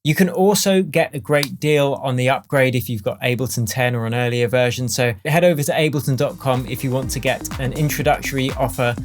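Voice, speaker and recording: A man giving a relaxed, chatty software tutorial for music producers, with faint demo music behind him. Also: medium pitch, fairly quick, few pauses. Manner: relaxed, chatty explaining with fillers. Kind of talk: screen-recorded software tutorial. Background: faint demo music playing.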